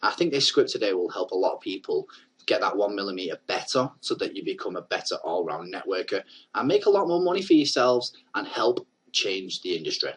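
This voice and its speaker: A man's voice: sits low, big pitch swings, a little fast, husky, rough recording. A man coaching on network marketing in a casual talking-head video, chatty and earnest. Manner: chatty, earnest, rambling advice.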